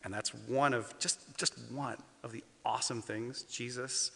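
A man with a gravelly edge and a bright, forceful tone walks children through an imagination story. He gently asks his young listeners question after question, recorded at home with a long reverb hanging on his voice. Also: mid-range voice, fairly even intonation, measured pace. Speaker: children's pastor. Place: at home, facing a wall.

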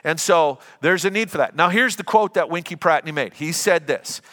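Bright-voiced pastor preaching in a hall. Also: male voice, on the high side, moderate pace. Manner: conversational, anecdotal, with frequent restarts. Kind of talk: sermon.

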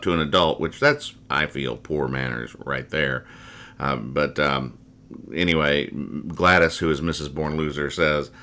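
Host, male, very low pitch, bright forceful tone, wry rambling comic-strip chatter. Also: animated, normal speed. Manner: wry, rambling, trails off quietly after jokes. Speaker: podcast host reading comics. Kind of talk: casual comic-strip reading chat.

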